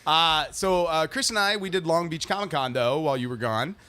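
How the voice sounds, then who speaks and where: A man's voice: a little high, brisk, bright, forceful tone, clean tone. Easygoing man bantering on a podcast. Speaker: podcast co-host. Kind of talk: casual chat.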